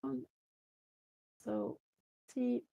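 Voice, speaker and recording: A woman's voice: mid-range voice, very animated, drawn-out words, creaky, warm tone, muffled recording. Middle-aged Swedish woman, chess commentator working from home, muses aloud and hesitates. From Sweden. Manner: thinking aloud, hesitant, with many fillers and restarts. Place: home room.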